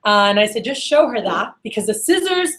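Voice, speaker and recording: A woman's voice: fairly high pitch, big pitch swings, brisk, a bit bright. A woman sales manager telling stories at a workshop, acting out the phone calls she quotes. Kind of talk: workshop storytelling.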